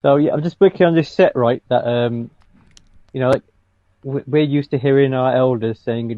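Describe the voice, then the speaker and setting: A man bantering on a podcast, loose and jokey, with quick jumps into squeaky comic voices. The recording is a little dull and lo-fi, with a dry, close sound. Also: no echo. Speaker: podcast co-host and comedian. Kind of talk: casual banter.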